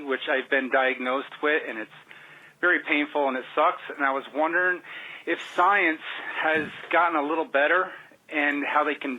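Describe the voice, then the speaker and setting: A man's voice: a little high, narrow, tinny audio, a little hiss or hum. A man from New York leaving a hesitant recorded question for a radio doctor show. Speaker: caller.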